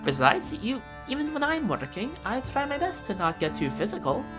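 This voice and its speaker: A woman's voice: sits low, normal speed, over music, lightly acted. A woman playing a flirty, confident bodyguard woman. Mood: teasing. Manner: teasing, playful. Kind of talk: reading game dialogue aloud.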